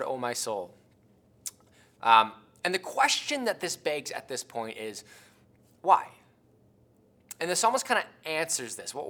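A man preaching a sermon in an earnest, conversational way, with many "uh" fillers and restarts, slowing down to repeat key questions for emphasis. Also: fairly high pitch, fairly bright tone.

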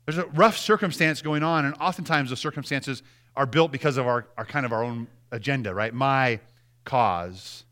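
A man's voice: mid-range voice, moderate pace, fairly bright tone. A man preaching a sermon as pastor, talking to the congregation in a conversational way, often checking in with them and repeating his words. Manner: repeats words and restarts phrases.

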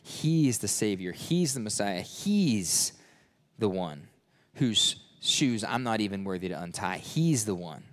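A man voicing John the Baptist as a solemn prophet, speaking slowly and reverently in a hushed, lowered voice. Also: sing-song.

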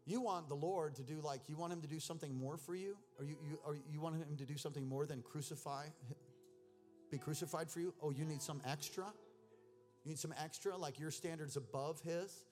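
A man preaching a sermon, animated, moving between loud emphatic reading and low, intense asides, with casual slang mixed in. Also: a little fast, soft background music. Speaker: pastor.

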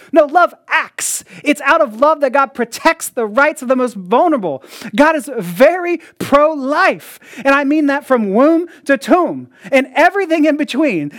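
A man preaches in a loose, chatty sermon style and slips into mocking voices when he quotes people. His speech is full of "like" and quick asides. The sound is dry and close, with no room echo. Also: very high voice, a bit bright. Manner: conversational, often acts out quoted voices with a mocking edge; frequent "like" fillers and laughs.

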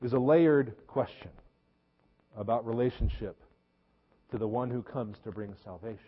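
Husky-voiced preacher in an echoey hall. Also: male voice, mid-range voice. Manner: earnest preaching with repeated words and slow emphasis. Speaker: pastor. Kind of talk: sermon. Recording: echoey hall, dull lo-fi sound.

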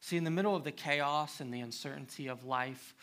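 Male pastor, sermon; fairly high, tense voice; reads scripture, then builds to emphatic appeals. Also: a little fast, fairly bright tone. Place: church.

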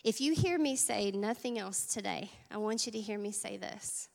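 A woman's voice: mid-range voice, normal speed, gravelly, in a large hall. A woman preaching a sermon at church, earnest and conversational, with asides to the congregation. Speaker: teaching pastor.

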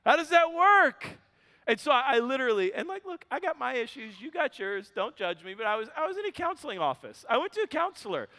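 A male pastor preaching a sermon, telling candid, self-mocking stories with quick asides. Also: very high voice, big pitch swings, sharp tone. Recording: long hall reverb.

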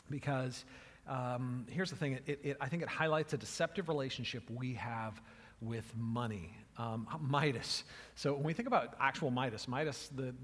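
A male pastor delivers a sermon in a mid-pitched, slightly husky voice. He talks conversationally, keeps asking "right?" and restarts his phrases. A long hall reverb hangs on everything he says. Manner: conversational, frequent "right?", repeats words.

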